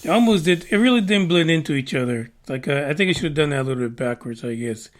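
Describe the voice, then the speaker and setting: High-voiced, swearing podcast host man. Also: lively intonation, fast talker, soft background music. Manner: rambling, profane and jokey. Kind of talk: casual space news commentary.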